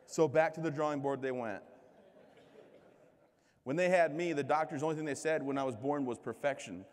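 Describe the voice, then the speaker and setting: A man in his thirties from Michigan, giving a comic, self-mocking keynote speech with lively crowd banter. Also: on the high side, moderate pace. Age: 30s. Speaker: keynote speaker. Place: large conference hall. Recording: long hall reverb.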